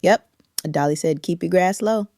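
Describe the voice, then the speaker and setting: A woman's voice: fairly low pitch, moderate pace, noisy background. A woman giving a sassy, slang-heavy reality-show recap commentary. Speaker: recap reviewer.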